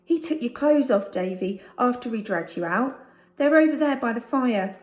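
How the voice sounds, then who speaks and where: A woman reading a storybook aloud, voicing an excited young boy who tells his friend what happened. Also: on the high side, normal speed, voice pushed up, natural voice. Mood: chatty. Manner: excited, breathless. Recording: roomy echo.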